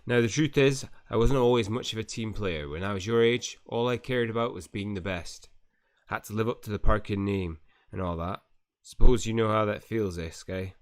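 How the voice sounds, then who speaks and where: A man's voice: lowish voice, normal speed, no echo, natural voice. A man reading the lines of a proud middle-aged father and Quidditch coach, who speaks bluntly with Scottish-tinged words like "aye". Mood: earnest. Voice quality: blunt, saying "aye" and "crikey".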